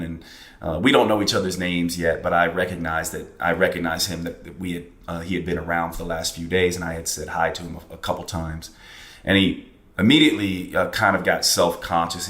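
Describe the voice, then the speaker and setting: A man with a very low voice hosts a podcast, recounting a personal story in a relaxed, reflective monologue. He wanders through fillers and restarts as he thinks aloud. The recording has a noticeable room echo. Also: fairly quick. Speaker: podcast host.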